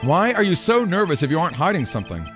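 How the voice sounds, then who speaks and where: A man voicing a young male defense attorney, asking pointed questions in a low, insistent tone. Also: very animated, fast talker, a bit bright, faint music behind. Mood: probing.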